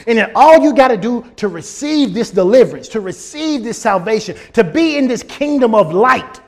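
A man preaching a sermon, animated and building to shouts. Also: extremely high pitch, moderate pace, few pauses. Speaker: pastor.

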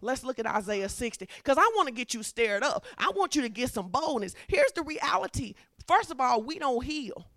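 A woman preacher, speaking in a fairly high voice. She moves between chatty asides and fervent, emphatic exhortation. The sound is dry and close, with little room echo. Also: very animated, fairly quick, hardly any pauses, fairly bright tone. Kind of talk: sermon.

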